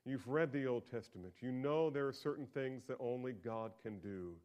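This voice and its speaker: A man preaching a sermon as pastor, talking conversationally and swinging from quiet asides to loud, emphatic peaks. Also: mid-range voice, moderate pace, hardly any pauses, muffled recording.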